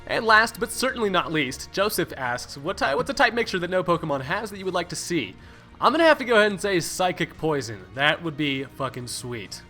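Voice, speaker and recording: A young man hosting a casual Q&A vlog, answering questions with deadpan, absurd jokes. His voice is bright and sits a little high for a man. Faint music plays behind him. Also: fairly quick. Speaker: vlogger answering viewer questions.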